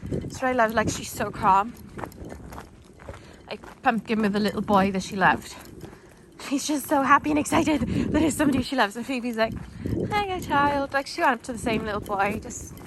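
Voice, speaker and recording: A woman chatting casually to a phone camera while walking her dogs outdoors, rambling with lots of fillers and stopping to talk to the dogs. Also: medium pitch. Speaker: dog owner vlogger. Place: outdoors on a dog walk. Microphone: handheld phone camera. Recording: phone video outdoors with clear background noise.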